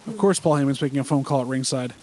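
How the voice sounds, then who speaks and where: A man's voice: mid-range voice, very fast, darkish tone. A man co-hosting a podcast, chatting casually and joking wryly while reacting live to a broadcast. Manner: wry, joking, tells anecdotes. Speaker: podcast co-host.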